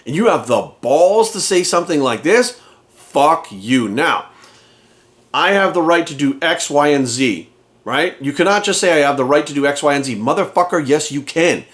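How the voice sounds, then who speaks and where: A fitness coach rants into his channel, heated, indignant and swearing freely. His voice sits a little higher than most men's. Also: animated, normal speed, fairly bright tone. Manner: profane, heated, indignant ranting. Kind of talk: ranting commentary to camera.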